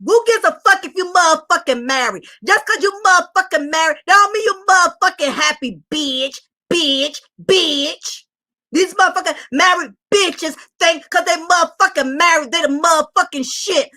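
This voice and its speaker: A woman voicing a loud, furious single mother who shouts, curses and repeats herself while ranting defensively. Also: extremely high pitch, moderate pace. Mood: angry ranting. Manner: shouting, cursing, repetitive ranting. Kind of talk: comedic rant impression.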